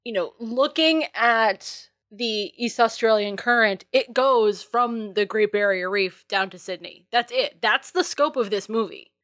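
A woman's voice: a little high, unhurried, hardly any pauses, fairly bright tone, dry recording, studio quality. A woman from New England co-hosting a podcast, chatting enthusiastically about a movie. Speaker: podcast co-host. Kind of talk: casual movie discussion chat.

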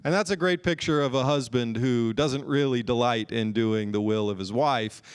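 A man preaching a sermon in an earnest way, slowing down and drawing out key phrases for emphasis. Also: mid-range voice, smooth. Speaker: pastor.

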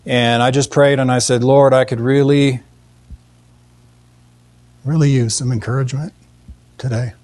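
A man telling a faith testimony in an earnest, halting way, with many fillers and restarts. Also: mid-range voice, little pitch movement, darkish tone. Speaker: Christian speaker telling a testimony. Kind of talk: storytelling testimony.

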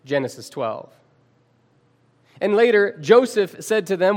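A male preacher giving a sermon, reading scripture aloud with dramatic pauses and calling his listeners friends. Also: high-pitched, expressive.

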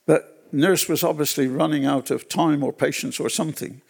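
At a church gathering, a pastor delivers a sermon, taking his time over personal stories and repeating phrases to give them weight. His voice is a little high and steady in tone, with a gravelly, slightly rough texture.

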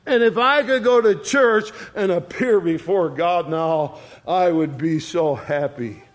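Male preacher, earnest sermon delivery, high-pitched and unhurried. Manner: earnest, addresses listeners as "my friends".

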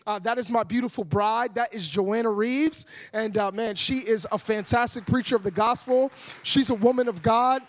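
High-voiced, lively young man preaching. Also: normal speed. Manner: energetic, joking, rises to loud preaching. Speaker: guest evangelist preacher. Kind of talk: sermon.

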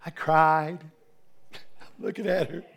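Male preacher, middle-aged, high gravelly voice, comic storytelling sermon, full of laughs. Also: takes it slowly. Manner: animated, laughing, acts out quotes.

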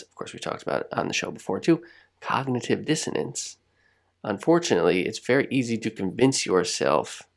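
A man co-hosting a podcast, talking in a reflective, rambling way with frequent restarts and soft laughs. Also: medium pitch, creaky. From United States. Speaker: podcast co-host. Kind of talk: reflective casual chat.

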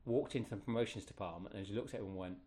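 Middle-aged guest, lower voice, chatty anecdotal delivery, lots of ums. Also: male voice, racing. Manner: lively, animated retelling with many fillers. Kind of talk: casual anecdotal storytelling.

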